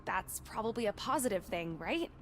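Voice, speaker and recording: A woman's voice: medium pitch, very animated, moderate pace, natural voice. A woman voicing a practical, sceptical young journalist in a game, heard over game music. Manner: skeptical, practical.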